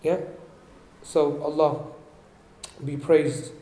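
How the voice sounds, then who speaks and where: A man giving a religious talk, explaining points and asking his listeners questions, reciting Arabic quickly before translating it. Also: on the high side, steady tone, mellow, reverberant. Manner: explains and asks the audience questions. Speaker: religious teacher. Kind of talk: sermon. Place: event hall.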